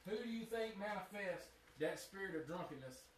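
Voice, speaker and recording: A man's voice: high-pitched, lively intonation, normal speed, a little hiss or hum. Folksy man preaching in a roomy hall. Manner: folksy, asks the congregation direct questions. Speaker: Sabbath teacher. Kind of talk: conversational sermon. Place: meeting room with a small congregation. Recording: roomy sound, mic at a distance.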